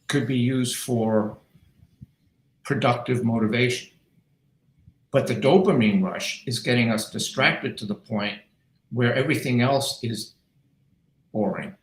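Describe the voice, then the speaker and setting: A middle-aged man hosts a casual chat and tells stories with animated emphasis. His voice sits in a middle pitch. The room around him is echoey. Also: slow pace, pauses often. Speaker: podcast host, doctor.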